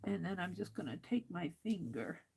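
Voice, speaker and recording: A woman's voice: fairly low pitch, sing-song, gravelly, darkish tone, slight background noise. A woman hosting a crafting livestream, chatting casually and talking to herself while she works. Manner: slow, chatty, talks to herself while working.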